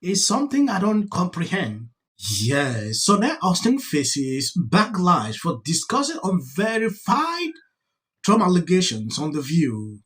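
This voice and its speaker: Man, Nigerian accent, husky voice, animated pitch, reaction commentary. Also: a little slow. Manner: exasperated, emphatic.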